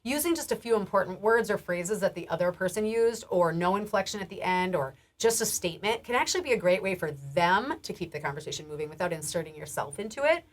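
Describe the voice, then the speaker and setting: A woman health educator delivers a recorded training lecture in a fairly low, lively voice, talking fast with few pauses. She's casual, warm and chatty, laughing often, restarting and using many fillers, with a rising lilt at phrase ends.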